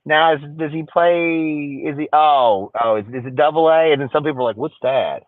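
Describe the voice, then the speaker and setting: A man's voice: a little high, fairly even intonation, brisk, dry recording. A middle-aged man, a podcast guest and social media creator, chatting casually and telling jokey stories in which he acts out other people. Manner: joking, storytelling, acts out other people's voices. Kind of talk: casual chat. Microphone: phone call. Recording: dry tinny phone-like line.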